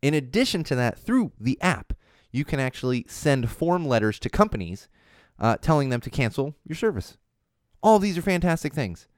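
Animated man riffing on tech news. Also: medium pitch, normal speed, dry recording, studio quality. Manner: animated, riffing, rambling asides. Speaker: podcast host. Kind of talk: casual news chat.

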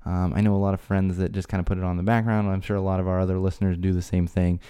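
A man hosting a solo podcast, ranting in an exasperated way, his voice climbing high when he gets worked up. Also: little pitch movement, very fast, dark tone, clean tone. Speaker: podcast host. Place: home studio.

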